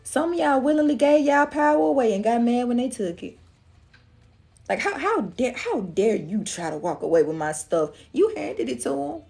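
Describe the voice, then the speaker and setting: A woman's voice: fairly high pitch, moderate pace, creaky, faint music behind. A woman, talking casually to her viewers during a collective reading and acting out their inner voices. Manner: animated, slangy, acts out the viewer's inner voice. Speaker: tarot reader.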